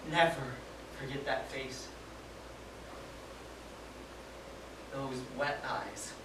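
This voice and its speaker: An actor playing a young private haunted by sparing an enemy prisoner, in a dramatic stage monologue, halting and hushed, breaking into frantic shouting. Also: mid-range voice, close to an everyday voice. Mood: quiet, grieving. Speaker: soldier recounting a war memory. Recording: echoey room from far off, with background noise.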